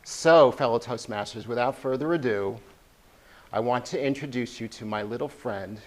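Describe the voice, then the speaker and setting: A man's voice: medium pitch, normal speed. A man giving a prepared motivational speech at a speaking club, earnest and repeating key phrases for emphasis.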